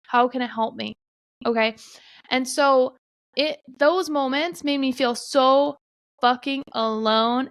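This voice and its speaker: A young woman talks through a casual solo podcast in a high voice, candid and earnest. She swears often and repeats points for emphasis. The recording is dry and close on the mic. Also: a bit bright, dry recording. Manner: blunt, frequent swearing, emphatic repetition; earnest, confessional. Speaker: podcast host.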